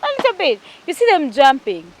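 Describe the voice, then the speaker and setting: A woman's voice: high-pitched, fairly quick. A woman, chatting emphatically with friends about pregnancy. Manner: animated, emphatic storytelling. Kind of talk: casual chat.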